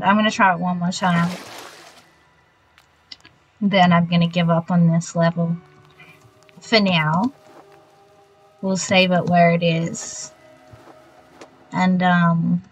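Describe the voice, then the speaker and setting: Here a fairly low-pitched Australian woman talks through a video game stream in a low-quality recording. She chats casually with viewers and mutters her reactions while playing.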